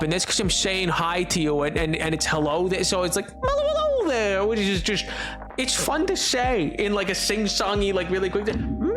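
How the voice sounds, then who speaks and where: A man streaming a game, chatting casually with his viewers in a rambling, joking way. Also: sits high. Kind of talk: casual livestream chat while gaming.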